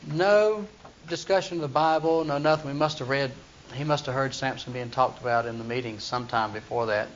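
A man's voice: medium pitch, fairly even intonation, quick pace, a bit bright, slight background noise. A man preaching a humorous sermon, telling the story playfully with chuckles, in a dull lo-fi recording.

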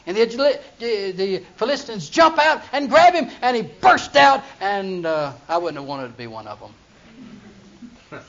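A man's voice: sits high, very animated, a little slow, fairly bright tone. A man preaching a humorous sermon, telling the story playfully with chuckles, in a dull lo-fi recording.

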